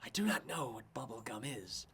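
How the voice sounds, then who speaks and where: Guy playing a snooty warlock, stiff formal talk, kinda hushed. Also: mid-range voice, very animated, moderate pace, a crowd in the background. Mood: cold. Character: aloof human male warlock, cold and haughty.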